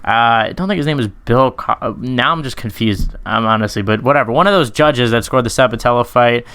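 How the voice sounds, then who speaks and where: A man's voice: medium pitch, fairly quick, a bit bright, smooth. A man commentating on MMA in a casual, unscripted Q&A monologue, rambling and swearing, with many fillers and self-corrections.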